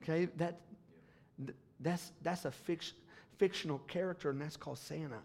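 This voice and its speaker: Preaching from the pulpit, a man shifts between soft asides and rising, forceful calls to his congregation. His pitch sits on the high side, his pace is moderate, and his voice has a creak to it.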